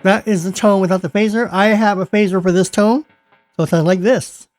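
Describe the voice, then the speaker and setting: A man casually talks through his guitar effects settings, playful and amused with himself, chuckling between remarks. His voice is high and steady in tone, a little fast, and electric guitar plays in the background.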